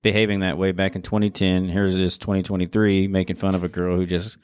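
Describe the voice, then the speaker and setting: A man hosting an interview, talking candidly with frequent pauses and fillers. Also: low-pitched, level tone, a little mellow, clean tone, no room sound. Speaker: podcast host. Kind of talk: casual interview commentary.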